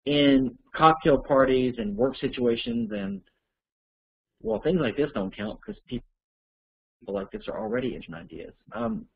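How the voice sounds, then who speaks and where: A man's voice: mid-range voice, big pitch swings, moderate pace, gravelly, husky, narrow, tinny audio. A man teaching an online course, answering listener questions in a rambling, conversational way as he thinks aloud.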